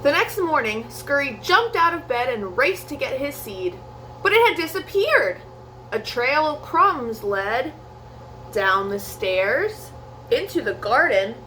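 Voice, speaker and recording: A young woman reading a picture book aloud as a storyteller, in an expressive sing-song way. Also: high voice, slow, a little hiss or hum.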